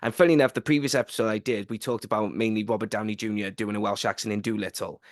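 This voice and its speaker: A man's voice: fairly low pitch, fairly even intonation, fast talker, no echo, studio quality. A man hosting a podcast, asking rambling, enthusiastic questions. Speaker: podcast host. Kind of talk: casual interview chat.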